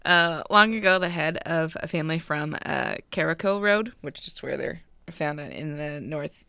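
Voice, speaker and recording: A woman's voice: deep voice, normal speed, vocal fry, bright, forceful tone, clear, resonant tone, dry recording, clean studio sound. A young woman co-hosting a podcast, chatting casually and reading out an urban legend, giggly and rambling off track. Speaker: podcast co-host.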